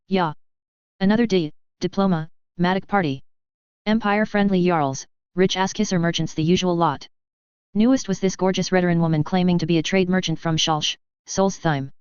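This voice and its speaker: A woman's voice: on the low side, clear, resonant tone, dry recording, lo-fi sound, natural voice. A woman reading aloud, voicing a drunken, foul-mouthed male elf bartender who rambles about his troubles. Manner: slurred, crude, grumbling rant.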